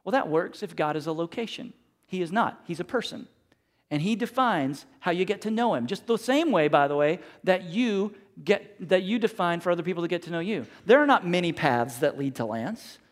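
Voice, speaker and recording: A man's voice: high voice, lively intonation, fairly quick. A middle-aged man preaching a sermon, asking rhetorical questions and acting out quotes. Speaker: pastor.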